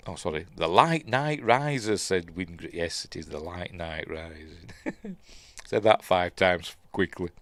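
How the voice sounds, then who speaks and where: A man with a Yorkshire accent talks his way through a film in a relaxed, rambling commentary, often trailing off into fillers and restarts. His voice sits fairly low. It is recorded close up and dry, with no room echo. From Yorkshire, England. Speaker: film review host. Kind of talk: casual watch-along commentary.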